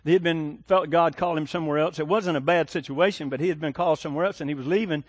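A male pastor delivers a sermon in a relaxed, conversational tone, often stumbling over and repeating his words. His voice sits high for a man. The sound is dry and close, with little room echo. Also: quick pace.

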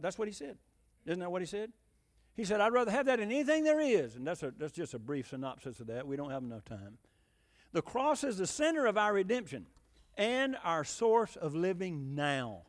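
A male preacher gives a folksy, emphatic, conversational sermon, his high voice swinging widely in pitch as he presses rhetorical questions. A long reverb tail trails his words.

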